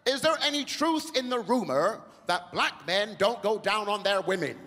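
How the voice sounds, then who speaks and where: A man putting on a prim polite old gentleman. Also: high-pitched, expressive, moderate pace, in a large hall, very noisy, voice pushed up. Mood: prim politeness. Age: 70s. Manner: formal, polite.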